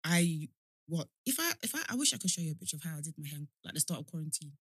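A woman's voice: low voice, very animated, very fast, breathy edge, no room sound. A woman co-hosting a podcast in casual chat, teasing and laughing often. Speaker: podcast co-host.

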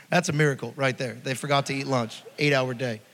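A man preaching a sermon, telling stories and swinging between hushed passages and loud, stirring ones. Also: medium pitch, steady tone, normal speed, vocal fry. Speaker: pastor. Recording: hall reverb.

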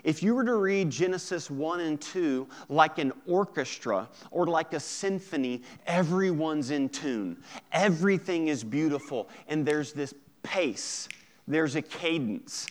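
A man preaching a sermon in a fairly high voice, taking his time over the words. He swings between loud bursts and hushed, intense stretches, breaking off for casual asides to the congregation. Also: animated, unhurried. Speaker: pastor.

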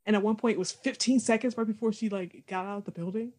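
Young woman, podcast co-host, casual chat, chatty, lots of fillers, medium pitch. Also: fast talker, darkish tone. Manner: chatty, fillers like "like", laughs easily.

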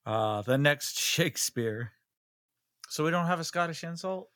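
Man co-host, joking and profane, mid-pitched with a very animated delivery; dry mic. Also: measured pace, no echo. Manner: curious, joking, swears freely. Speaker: podcast co-host. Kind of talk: casual podcast banter.

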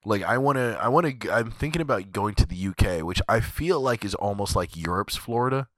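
A man's voice: on the low side, expressive, fairly quick, a bit bright, dry recording. A young man hosting a podcast, talking in a loose, profane, comedic monologue and laughing often. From USA. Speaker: podcast host.

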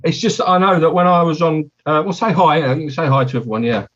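A man's voice: a little high, fast, a bit bright, highs cut off. A man hosting a podcast in casual chat, rambling and correcting himself as he talks. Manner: rambling, self-correcting, chatty. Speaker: podcast host.

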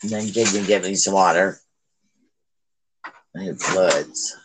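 A man chatting casually, throwing in quick questions and remarks. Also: deep voice, background noise. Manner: quick interjections, lively questions. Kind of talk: casual family chat.

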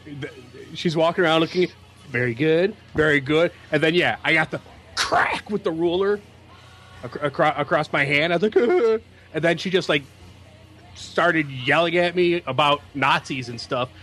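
A man telling a story in a casual podcast chat, lively and stumbling over his words at times. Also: on the high side, moderate pace, faint music behind. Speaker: podcast panelist.

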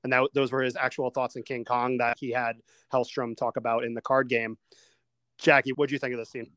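A man hosting a casual movie-review podcast, steering the talk with lively asides and questions to his co-hosts. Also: medium pitch, no room sound. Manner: animated, quick asides, steers the discussion. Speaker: podcast host.

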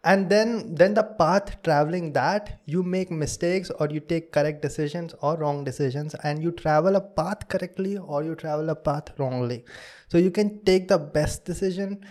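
A man's voice: fairly high pitch, normal speed. Young indian guy hosting a chill podcast, rambly, laughs a lot. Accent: Indian English. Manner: laughs often, rambling and animated. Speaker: podcast host. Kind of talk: casual podcast chat.

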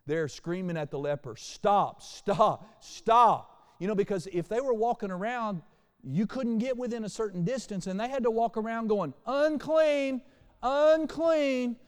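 A man preaching a sermon as pastor, animated, shifting between quiet and loud passages. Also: high voice, a little fast, clear, resonant tone, in a large hall. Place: church sanctuary.

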